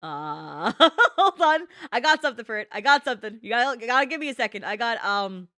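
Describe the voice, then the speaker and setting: A woman's voice: on the high side, expressive, fast talker, bright, forceful tone, no room sound, clean studio sound. A woman chatting casually while reacting to a video, rambling, profane and constantly giggling.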